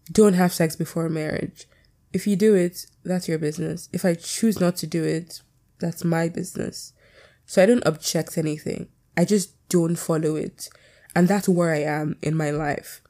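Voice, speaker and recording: A woman hosting her own podcast, talking fast in a candid, rambling way and swearing freely. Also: sits low, creaky, warm tone. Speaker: podcast host. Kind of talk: casual solo podcast chat.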